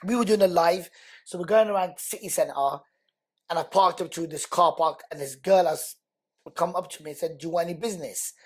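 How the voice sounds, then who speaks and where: A man, a podcast guest, telling his story in a lively, conversational way and acting out the dialogue. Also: sits high, moderate pace, breathy edge. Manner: animated, acts out quoted dialogue.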